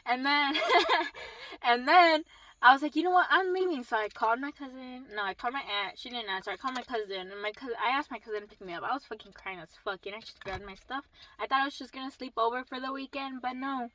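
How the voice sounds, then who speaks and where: Bright, high-voiced young woman telling a story. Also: quick pace, a little hiss or hum, rough recording. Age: young adult. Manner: swearing, animated storytelling with acted quotes. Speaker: vlogger. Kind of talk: casual storytime vlog.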